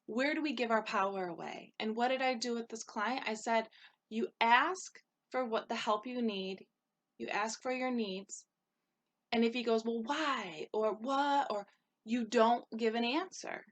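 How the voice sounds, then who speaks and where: A woman coaching her listeners on relationships, talking in an animated way and acting out short quoted exchanges. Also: on the high side, measured pace. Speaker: holistic life coach. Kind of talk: spoken advice talk.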